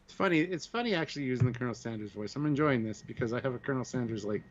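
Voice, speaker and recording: A man's voice: mid-range voice, expressive, rapid-fire, lo-fi sound. A drunk English man co-hosting a livestream, laughing and jumping between silly put-on accents. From England. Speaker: co-host.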